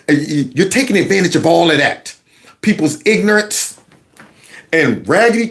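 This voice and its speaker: Host, male, high-pitched, folksy and emphatic, casual political commentary. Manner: folksy, emphatic, slangy, acts out quotes.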